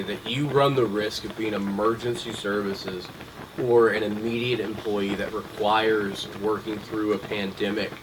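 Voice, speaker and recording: A man's voice: lowish voice, background noise. A young adult man hosting a casual chat, rambling with lots of ums and restarts. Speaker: podcast host.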